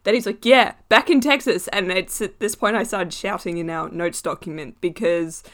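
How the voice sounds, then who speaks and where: A woman co-hosting a podcast in casual chat, animated and quick to laugh as she rants. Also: on the low side. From Australia. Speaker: podcast co-host.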